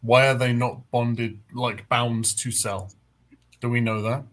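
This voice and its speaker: A man in a casual live book chat speaks at a slow, unhurried pace. He is hesitant and pauses as he puts his questions together, with a mid-range voice. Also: medium pitch, steady tone, a bit bright.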